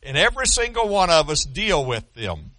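An older preacher delivers a folksy sermon, stumbling over restarts before surging into fervent declarations. His voice sits high for a man and rings bright and forceful. The sound is close and dry, with no room echo. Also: very animated, normal speed. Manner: folksy preaching, rising to fervent shouts, frequent stammered restarts. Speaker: pastor.

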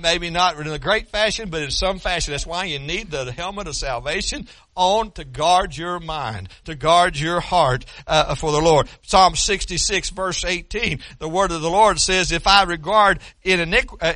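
An older preacher delivers a folksy sermon, stumbling over restarts before surging into fervent declarations. His voice sits high for a man and rings bright and forceful. The sound is close and dry, with no room echo. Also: moderate pace, few pauses. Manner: folksy preaching, rising to fervent shouts, frequent stammered restarts. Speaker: pastor.

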